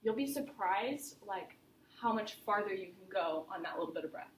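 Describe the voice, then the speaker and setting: A woman's voice: medium pitch, expressive, moderate pace. A woman voice teacher giving a private singing lesson, chatty and encouraging as she explains with vivid images. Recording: roomy studio with faint noise.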